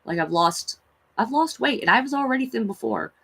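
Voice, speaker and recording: On her tarot livestream, a woman shares spiritual stories in a rambling, chatty manner packed with fillers, growing gushing and awed when animals come up. Her voice is a little high, animated and slightly fast, creaky, husky and a bit bright, on a low-quality recording.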